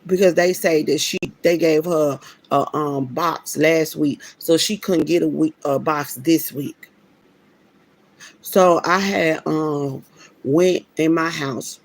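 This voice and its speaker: A woman's voice: deep voice, fairly even intonation, slow, no echo. A woman telling a personal story in a casual, preachy way, emphatic and slangy, often restarting her sentences. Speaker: vlogger.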